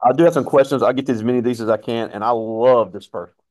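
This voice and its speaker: A man's voice: mid-range voice, steady tone, fast talker, a little mellow. A man hosting a school career talk, asking questions in a friendly and rambling way. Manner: friendly, rambling, repeats himself. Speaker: school interviewer and host.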